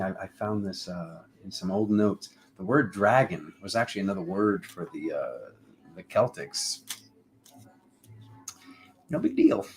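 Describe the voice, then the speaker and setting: A man's voice: on the low side, a little mellow, a little hiss or hum. A man giving a casual, playful tarot reading, rambling between jokes and card meanings. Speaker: tarot reader.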